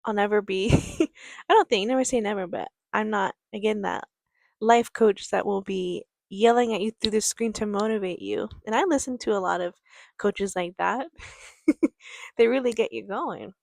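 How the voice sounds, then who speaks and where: A woman life coach giving a reflective motivational talk in a gentle, calm, quiet and patient way. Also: mid-range voice, vocal fry, no echo. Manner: unhurried, patient delivery. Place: outdoors near a creek.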